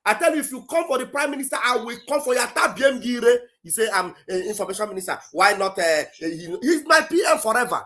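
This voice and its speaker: A man's voice: extremely high pitch, expressive, fast talker, hardly any pauses, pushed and bright. A man with a Nigerian accent, a pastor hosting a live online talk show, ranting angrily and hurling curses at critics.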